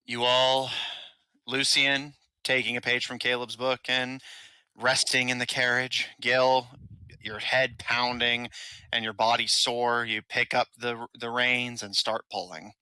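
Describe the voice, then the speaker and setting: A man narrating a tabletop game as game master, in measured descriptive narration with small restarts. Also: mid-range voice, little pitch movement, pushed and bright, clear, resonant tone, no echo, rough recording.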